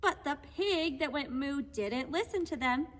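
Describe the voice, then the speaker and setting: A woman gently and patiently teaching children a lesson on horses and reading them a storybook aloud. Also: sits high, lively intonation, a little slow, long reverb tail. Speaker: children's horse program instructor.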